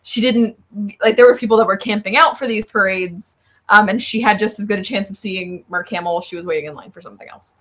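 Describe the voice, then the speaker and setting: A woman's voice: medium pitch, fast, a bit bright. A woman co-hosting a casual podcast chat, playful and giggly as she tells stories.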